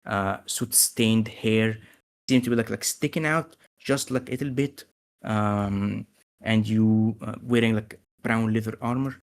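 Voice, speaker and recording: A man with a gravelly voice narrating as game master, hesitant with many fillers. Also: lowish voice, steady tone, a little slow.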